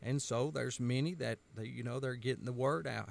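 A man's voice: mid-range voice, moderate pace, creaky. A man from the United States giving an emphatic, sermon-style commentary, driving his points home by repetition.

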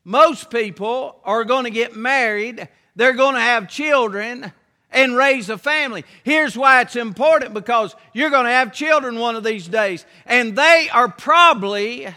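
A man's voice: very high voice, measured pace, bright, forceful tone. A man preaching a sermon, emphatic and repetitive, drawing out key words and reading scripture aloud in a church. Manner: emphatic, repeats key phrases, draws out words; reads King James scripture aloud. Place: church sanctuary. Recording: long church hall reverb.

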